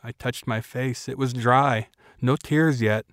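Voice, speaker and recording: A man narrating a novel in a measured, quiet storytelling manner. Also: mid-range voice, fairly even intonation, no room sound, clean studio sound. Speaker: audiobook narrator. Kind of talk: scripted narration.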